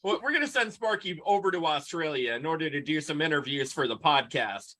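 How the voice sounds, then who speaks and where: A man's voice: on the high side, lively intonation, brisk, sharp tone. A man from the United States hosting a podcast, upbeat and enthusiastic in casual interview chat. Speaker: podcast host.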